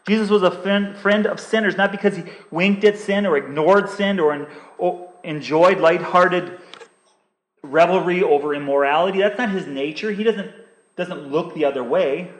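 A man's voice: sits high, moderate pace, reverberant. A male pastor preaching a sermon, making earnest, repeated appeals to his listeners and often restarting his phrases.

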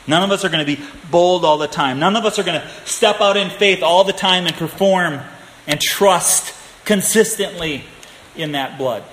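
A male pastor preaching a sermon, earnest and emphatic, slowing down to stress key phrases. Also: sits high, fairly bright tone, slight background noise. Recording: echoey room with faint ambience.

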